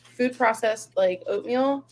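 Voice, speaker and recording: A woman co-hosting a casual podcast, telling lively stories about motherhood and using "like" constantly. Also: on the high side, slow pace. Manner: animated storyteller, lots of "like". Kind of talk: casual chat.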